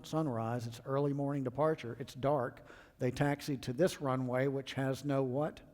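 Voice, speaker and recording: Middle-aged southern guy giving an earnest pilot safety talk, big echoey lecture hall. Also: a little mellow. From American South. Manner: earnest, emphatic, acts out quotes with rising pitch. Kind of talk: presentation lecture. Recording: long hall reverb.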